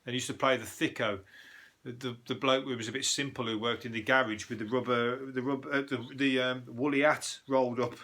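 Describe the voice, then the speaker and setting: A man's voice: medium pitch, flat delivery, brisk, sharp tone. A man with a Birmingham accent, a comedian hosting a show and rambling through news stories in a sweary, laughing monologue. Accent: Birmingham (Brummie). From Birmingham, England. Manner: sweary, rambling, laughs at his own jokes.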